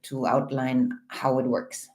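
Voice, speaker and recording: A woman's voice: rumbling low, little pitch movement, slow, a little mellow, a little hiss or hum. A woman co-hosting a casual livestream, explaining practical rules plainly and informally from a home setup. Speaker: livestream co-host.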